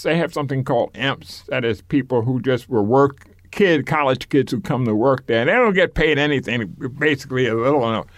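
A man's voice: a little high, dry recording, studio quality. An older man being interviewed for an oral history, reminiscing in a rambling way with repeated words and occasional chuckles.

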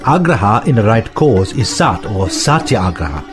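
A man voicing an earnest male leader in a documentary, reading his letters and speeches in a measured, formal way. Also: fairly low pitch, very animated. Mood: solemn. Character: earnest male leader writing to followers and son. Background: music with sitar.

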